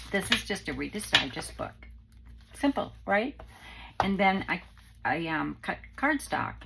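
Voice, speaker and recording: A woman's voice: lowish voice, gravelly, a bit bright, slight background noise, rough recording. A middle-aged woman, chatting casually and rambling with many ums as she hosts her craft channel. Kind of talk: casual chat to viewers.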